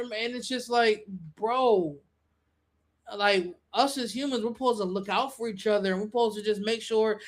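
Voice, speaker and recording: A woman hosting a live-stream podcast, talking casually with slangy, profane language and swinging into high, animated rants. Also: normal speed.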